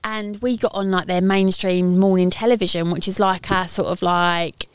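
A woman's voice: lowish voice, fairly even intonation, normal speed, crowd noise. A woman from the UK co-hosting a podcast outdoors, chatting casually with lots of fillers and laughter. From United Kingdom. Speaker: podcast co-host. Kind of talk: casual chat. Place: outdoors in a garden.

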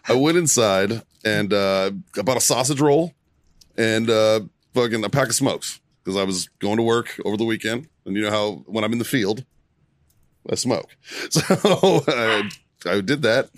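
In a casual podcast chat among friends, a male co-host with a fairly low, slightly slow voice tells a story full of swearing and frequent laughter. His retelling is animated, and the studio-quality audio has no echo.

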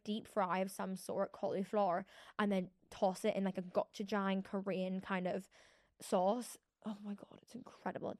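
A woman's voice: medium pitch, a little mellow, no echo, clean studio sound. A young woman hosting a casual solo podcast, rambling and chatty with lots of restarts and casual swearing. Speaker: podcast host.

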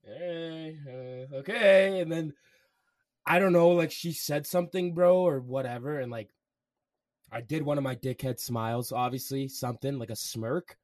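A man's voice: medium pitch, fairly even intonation, normal speed, darkish tone, no room sound, studio quality. A young man co-hosting a podcast, telling stories loosely in casual chat, full of "bro" and "like". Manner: loose storytelling, heavy on "bro" and "like". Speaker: podcast co-host.

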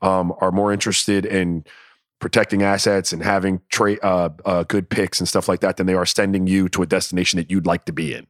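A man's voice: low-pitched, little pitch movement, brisk, no echo, clean studio sound. A man co-hosting a sports podcast, giving earnest opinions with stammered restarts. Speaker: podcast co-host. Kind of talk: casual sports chat.

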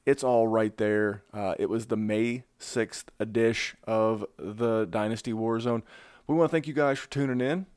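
A man hosting a casual fantasy football podcast, talking through his analysis in a conversational, animated way. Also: lowish voice, normal speed, clear, resonant tone, no echo, studio quality. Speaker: podcast host.

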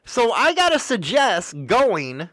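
High, lively, bright-voiced man. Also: slow pace, dry recording, clean studio sound. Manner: crude, profane, rambling. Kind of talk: casual storytelling.

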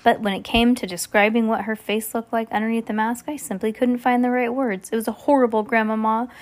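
A woman's voice: fairly high pitch, steady tone, a little fast. A woman reading a children's book aloud casually, often restarting and correcting herself. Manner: reads with frequent restarts and corrections. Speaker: reader.

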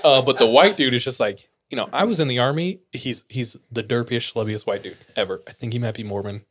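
A man's voice: mid-range voice, fairly quick, a little hiss or hum. A young man chatting casually on a podcast, telling a long story with lots of laughter. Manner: animated storyteller, laughs often. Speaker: podcast co-host. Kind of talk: casual chat.

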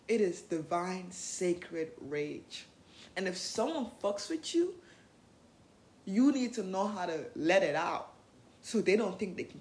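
A woman's voice: medium pitch, a little hiss or hum. A woman hosting a podcast, giving casual self-help talk in a blunt, profane and playful way. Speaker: podcast host.

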